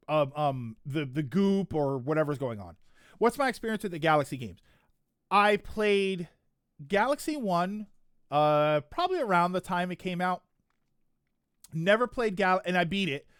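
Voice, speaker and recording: A man's voice: high voice, fairly bright tone, no echo, clean studio sound. A man streaming live, chatting casually and reacting to a trailer, rambling with frequent restarts. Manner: rambling, restarts, laughs often.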